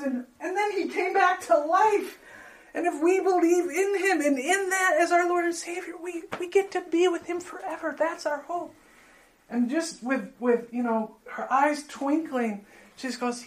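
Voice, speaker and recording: A man with a strikingly high voice tells his story with fervent emotion. He speaks as a preacher and leads a heartfelt prayer. The sound rings around a roomy, echoing space. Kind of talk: testimony and sermon with led prayer. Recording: roomy echo.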